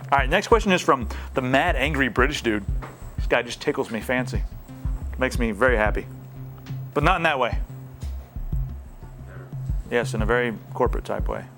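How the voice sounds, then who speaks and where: A man's voice: mid-range voice, expressive, normal speed, pauses often, a bit bright, faint music behind. A young man hosting a casual tech question show, answering viewer emails with playful jokes and asides.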